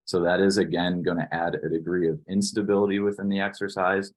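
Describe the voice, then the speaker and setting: A man in his twenties from Wisconsin, a strength coach giving a steady, instructional online presentation with plenty of "you know" fillers. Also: low-pitched, brisk. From Wisconsin, USA.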